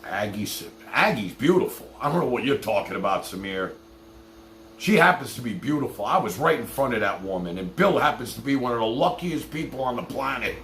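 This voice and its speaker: Animated male livestream host. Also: mid-range voice, fairly quick, roomy sound, slight background noise. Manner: animated, talks straight to his chat. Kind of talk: casual livestream chat.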